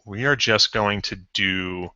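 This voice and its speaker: A man's voice: fairly low pitch, slow pace, pushed and bright, smooth, no echo. A man talking through a live coding session, thinking aloud with frequent ums, self-corrections and the odd chuckle. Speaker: programmer streaming a coding session. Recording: dull lo-fi stream audio.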